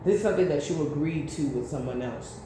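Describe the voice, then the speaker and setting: A woman with a deep voice talks fast while doing a casual tarot reading. She's blunt and swears, wandering into chatty personal stories, and the very echoey room carries faint background noise.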